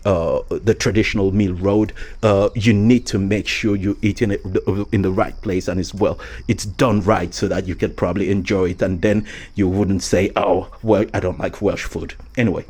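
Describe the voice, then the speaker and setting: A man's voice: deep voice, steady tone, normal speed, darkish tone. A man vlogging in a casual, rambling monologue, hesitant with many fillers and restarts and frequent chuckles.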